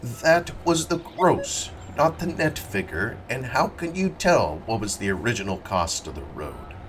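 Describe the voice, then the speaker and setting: A man reading aloud, voicing a calm, smooth-talking railroad agent who placates farmers. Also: medium pitch, unhurried, far from the mic, a little hiss or hum, pitched above the performer's own voice, rough recording.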